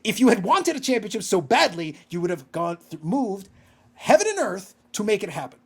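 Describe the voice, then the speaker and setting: A man's voice: high-pitched, sing-song, brisk, husky. A man co-hosting a casual podcast, ranting with exasperation and swearing freely. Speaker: podcast co-host.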